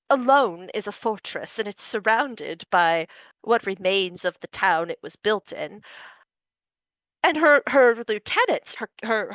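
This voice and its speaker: A frail old village woman, freshly rescued from captivity and still rattled, played by a woman. Her voice swoops up and down, tearful one moment and cackling the next, and she speaks slowly and unevenly. The sound is dry and close. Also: fairly high pitch, fairly bright tone, no room sound, heavily acted. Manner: flustered and teary, then bursts into cackling laughter.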